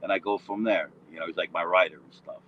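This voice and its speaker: A man's voice: sits low, fairly even intonation, fast, muffled recording, slight background noise. A man rambling through a casual livestream chat, often tagging on "you know what I mean".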